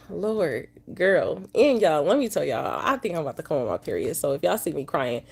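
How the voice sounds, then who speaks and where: A woman's voice: low-pitched, big pitch swings, creaky, a little mellow, breathy edge. A woman truck driver, vlogging to her viewers, upset and emotional after just waking up. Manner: talks slowly and drawls, addresses viewers as y'all. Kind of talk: emotional casual vlog to viewers.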